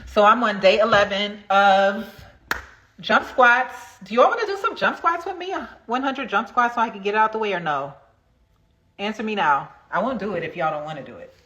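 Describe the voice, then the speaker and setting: A woman's voice: mid-range voice, expressive, moderate pace, pushed and bright, lo-fi sound. A woman hosting a casual livestream, talking straight to viewers and chanting affirmations while counting out jump squats. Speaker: livestream host. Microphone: phone.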